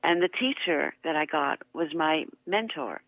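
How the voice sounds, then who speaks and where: An older woman, a guest actress, telling lively anecdotes in an interview, laughing often and poking fun at herself. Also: sits low, measured pace, vocal fry, no room sound. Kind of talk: interview storytelling. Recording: tinny phone line.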